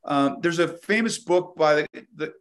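A man with a somewhat high, slightly bright voice speaks at a normal pace. He's an inventor appearing as a guest in a casual interview, reflecting and telling stories, often restarting his sentences.

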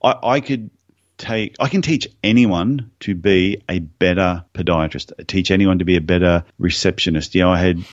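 A man's voice: sits low, normal speed, no room sound, highs cut off. A man who is a podiatrist, guest on an interview podcast, telling anecdotes in a casual way. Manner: storytelling, animated anecdotes.

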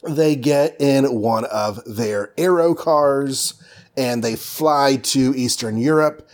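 A man's voice: medium pitch, slow. A man recapping a comic book in a casual, playful, rambling way with many fillers.

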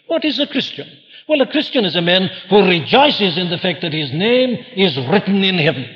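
A man's voice: sits high, very animated, moderate pace, muffled recording. Earnest man preaching in an echoing church. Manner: earnest, rhetorical questions answered himself. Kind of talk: sermon.

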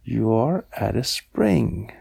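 A man voicing a calm, knowing male frog in a bedtime story, explaining things patiently in a gravelly voice. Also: medium pitch, slow, exaggerated voice.

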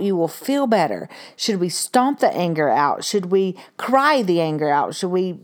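A woman in her thirties hosting a parenting talk, casual and animated, often acting out what a parent or child might say. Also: medium pitch. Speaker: parenting podcast host.

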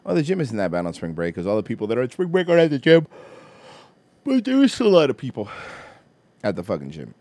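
Podcast host, man, crude and animated ranter, lively pitch, dry close mic. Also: quick pace, no room sound. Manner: profane, ranting, animated storytelling. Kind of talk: casual chat.

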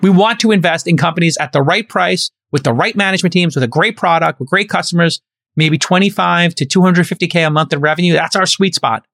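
A man in his fifties hosting a casual podcast chat, his voice gravelly with fry and sitting a bit high. He talks in an emphatic, preachy way, driving his points home. The recording is dry, with little room sound. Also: fairly quick, fairly bright tone, dry recording. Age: 50s. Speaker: podcast host and investor.

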